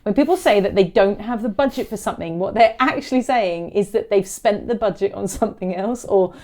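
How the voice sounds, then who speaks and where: Brisk and slightly mellow, this medium-pitched voice belongs to a southern English photography business coach co-hosting a casual podcast. She hammers home her main points by repeating them with emphasis as she hands out advice.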